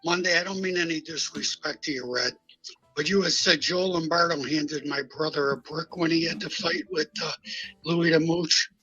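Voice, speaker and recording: A man's voice: fairly high pitch, fairly even intonation, normal speed, bright, forceful tone, breathy edge, dull audio, soft background music. An older man, a guest on a live stream, tells a street story bluntly and profanely, acting out each exchange of dialogue. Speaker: guest recounting mob history.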